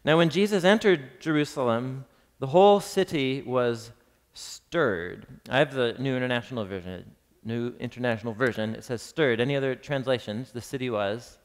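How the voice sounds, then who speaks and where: A man's voice: medium pitch, moderate pace. A man teaching a live class on a gospel text, chatting casually, quizzing his listeners and reading passages aloud with drama. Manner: conversational, quizzes the audience, reads scripture dramatically. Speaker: Bible teacher. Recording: long reverb of a large hall.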